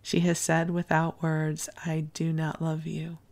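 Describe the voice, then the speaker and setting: A woman reading the lines of an earnest, naive male diplomat in love, in a gentle, soft-spoken way. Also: deep voice, monotone, unhurried. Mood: dismayed.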